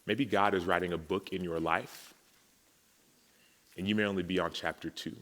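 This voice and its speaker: A deep-voiced man speaking at a moderate pace gives a personal testimony at a men's summit in a large hall with an audience, the recording reverberant. He tells his story by acting out the conversations he recounts, growing emotional and animated.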